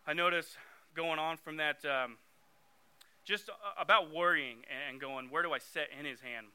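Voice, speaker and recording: A young man preaching a sermon in a chatty, conversational way that turns emphatic on the scripture readings. His voice is very bright and forward, smooth and clear, sitting a little high for a man. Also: normal speed. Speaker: youth preacher.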